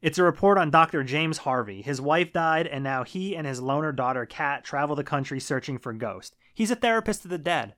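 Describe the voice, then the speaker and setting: A man co-hosting a podcast, casually recapping a movie with a laid-back manner, swearing now and then and trailing off quietly. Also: on the high side, lively intonation, a little fast, hardly any pauses. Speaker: podcast co-host.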